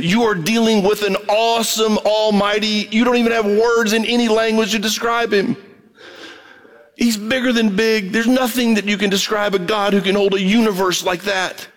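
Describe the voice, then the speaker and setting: A man preaching a radio sermon, impassioned, swinging between high urgent pleading and low emphatic asides.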